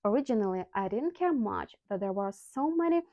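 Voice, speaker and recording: Non-native woman, English tutor; mellow voice, deliberate enunciation, dry muffled recording. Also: mid-range voice, expressive, dry recording. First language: not English. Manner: slow, careful enunciation of example sounds. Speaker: English teacher. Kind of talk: scripted vocabulary lesson.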